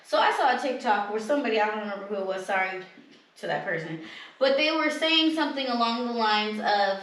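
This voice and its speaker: A woman's voice: a little high, expressive, fairly quick, fairly bright tone, far from the mic, a little hiss or hum. A woman co-hosting a podcast in casual chat, giving blunt, slangy commentary. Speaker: podcast co-host. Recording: echoey room, voice set back from the mic.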